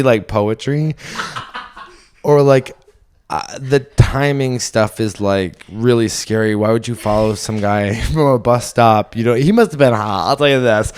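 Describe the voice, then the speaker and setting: A man's voice: medium pitch, clear, resonant tone, no room sound. A young man hosting a comedy podcast, giving blunt, teasing advice in casual chat with bursts of laughter. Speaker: podcast host, stand-up comedian.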